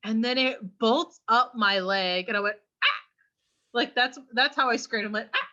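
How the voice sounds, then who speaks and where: A woman's voice: a little high, moderate pace, sharp tone. A young adult woman co-hosting a podcast, telling a rambling anecdote full of fillers in casual chat. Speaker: podcast co-host. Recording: slightly dull lo-fi mic.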